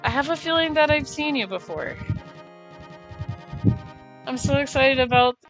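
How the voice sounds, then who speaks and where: A high-pitched woman chats with her viewers while she plays a racing game, laughing easily and greeting people by name. Faint game music plays underneath her talk. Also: lively intonation, unhurried, a bit bright, rough recording. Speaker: streamer. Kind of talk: casual live-stream chat while gaming.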